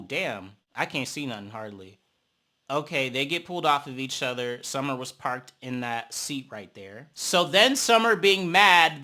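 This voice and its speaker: A man giving a sassy, excitable recap of a reality show episode, gasping and cheering at the fights and calling people "honey". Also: a little high. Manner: breaks into gasps and cheers at fights. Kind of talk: casual episode recap commentary.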